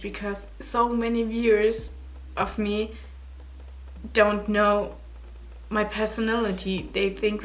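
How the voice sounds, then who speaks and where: A young woman with a German accent, a native German speaker, chatting casually to her camera as a beauty vlogger, giggling, apologizing and searching for English words. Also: medium pitch.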